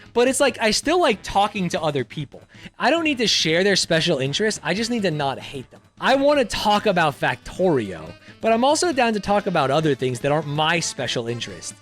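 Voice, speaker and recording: Young male content creator, higher voice, expressive, casual and profane quiz-reading commentary. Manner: animated, profane, laughs often. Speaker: YouTuber.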